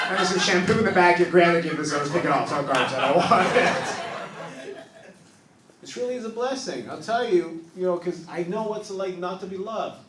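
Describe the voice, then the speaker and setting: A man in his thirties doing a stand-up set on a small club stage, telling confessional stories that swing from soft asides to loud punchlines. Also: sits high, normal speed, background noise. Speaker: stand-up comedian. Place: small improv club stage, live audience. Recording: roomy club sound from a distance.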